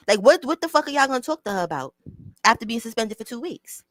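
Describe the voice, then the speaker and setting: A woman's voice: on the high side, big pitch swings, fast talker, fairly bright tone, dry recording. Blunt, profane woman riffing to her chat. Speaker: channel host. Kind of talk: casual livestream commentary. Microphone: small mic near her mouth.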